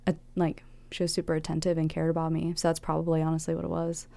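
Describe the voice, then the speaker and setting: Gravelly young woman telling her story. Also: deep voice, completely flat delivery, warm tone, no echo. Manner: candid, reflective, with quick laughs and acted-out quotes. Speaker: interviewee. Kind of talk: personal life-story interview.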